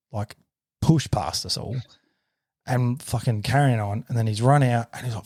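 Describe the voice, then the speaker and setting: Australian male podcaster, 30s, animated sweary storyteller, dry mic. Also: mid-range voice, moderate pace, no room sound. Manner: sweary, animated retelling with shouted quotes. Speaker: podcast co-host. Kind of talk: casual storytelling.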